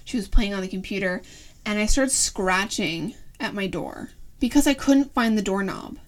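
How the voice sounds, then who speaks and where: A young woman co-hosting a podcast, telling stories in a casual, animated way, with lots of fillers and swearing. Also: medium pitch, normal speed. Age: young adult. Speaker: podcast co-host. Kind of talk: casual chat.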